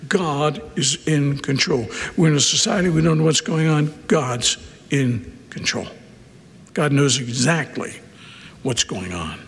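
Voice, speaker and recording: Animated preacher in an echoing hall. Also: male voice, fairly high pitch. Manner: dramatic swings from loud emphasis to hushed near-whisper; conversational asides and repetition. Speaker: pastor. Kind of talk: sermon.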